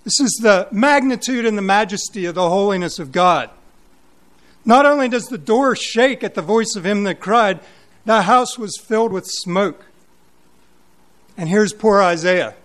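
A man preaching a sermon, emphatic and questioning, repeating words for weight. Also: high voice.

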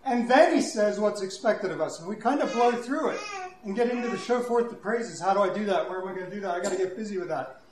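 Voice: medium pitch, far from the mic. A preacher giving a conversational, playful sermon with a children's demonstration in a church hall. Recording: echoey hall with faint room noise.

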